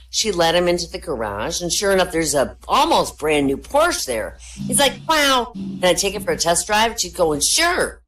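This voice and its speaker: A woman tells jokes in a low, deep register. She keeps a deadpan storytelling manner and lifts her pitch for each punchline. She sounds like a speaker in an online voice chat room. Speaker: joke teller. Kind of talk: telling jokes at an online comedy night.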